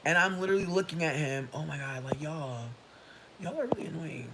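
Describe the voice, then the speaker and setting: A person in their thirties telling a story on a casual livestream, profane and animated, breaking into shouts and laughter. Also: mid-range voice, brisk, heavy background noise. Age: 30s. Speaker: livestream host.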